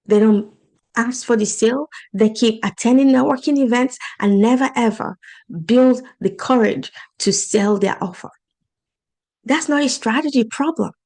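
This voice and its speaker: A woman's voice: fairly high pitch, mellow. A woman with an accent hosting a solo podcast, talking earnestly and encouragingly straight to her listeners. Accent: non-native English accent. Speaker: podcast host and life coach.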